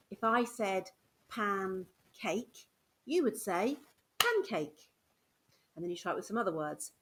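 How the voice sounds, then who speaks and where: A woman primary school teacher, patiently explaining a phonics game to parents and sounding out words slowly. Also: mid-range voice.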